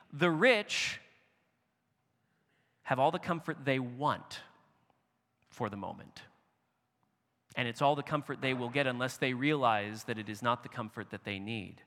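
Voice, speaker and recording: A man preaching a sermon as pastor, expressive, rising and animated when he voices quoted speech. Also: mid-range voice, measured pace, pauses often. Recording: long reverb of a hall.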